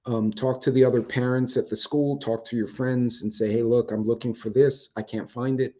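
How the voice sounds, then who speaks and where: A man's voice: medium pitch, steady tone, moderate pace, warm tone, dull audio. A man, hosting a casual chat show from home, rambling and swearing offhandedly, his voice starting to go. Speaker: host. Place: home, indoors with dogs.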